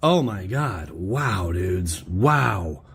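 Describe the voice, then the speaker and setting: A man chatting casually to viewers as he opens card packs, rambling and excitable with slangy asides. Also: sits low, moderate pace, slightly rough. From Cleveland area, Ohio. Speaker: card-opening streamer. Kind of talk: casual chat while opening card packs.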